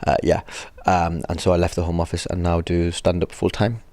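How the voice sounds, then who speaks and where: A man's voice: low-pitched, monotone, a little fast, a little mellow. A man from northern England, a comedian chatting casually as a guest, wry and self-deprecating. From Blackburn, northern England. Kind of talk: casual chat.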